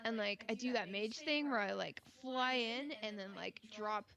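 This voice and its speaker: A woman's voice: on the high side, normal speed, creaky. A woman co-hosting a casual podcast, telling a gaming story with lots of filler words. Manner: animated storyteller, many "like" fillers. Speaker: podcast co-host.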